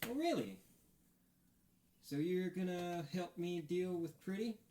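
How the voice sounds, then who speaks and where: A man voicing a tough, suspicious female elf mechanic, raising his pitch and talking curtly. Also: expressive, measured pace, noisy background. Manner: curt and suspicious.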